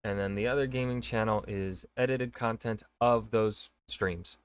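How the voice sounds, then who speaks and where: A man's voice: lowish voice, fairly even intonation, moderate pace, smooth, dry recording. A man hosting a reaction video, chatting casually and joking at his own expense. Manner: joking, rambling, self-mocking.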